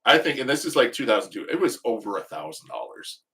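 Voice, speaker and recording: Guy host, bright forceful voice, loose rambling profane yarn-spinning on a livestream. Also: mid-range voice, big pitch swings, fast talker. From United States. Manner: rambling, profane, joking storyteller. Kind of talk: casual storytelling livestream.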